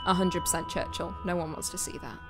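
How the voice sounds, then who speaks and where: A woman's voice: on the low side, fast talker. A woman with an English accent hosts a scary countdown, narrating scripted stories and adding dry, sarcastic asides. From England. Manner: dry, deadpan sarcastic humor. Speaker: host. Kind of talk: scripted horror-list narration with chatty asides. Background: background music.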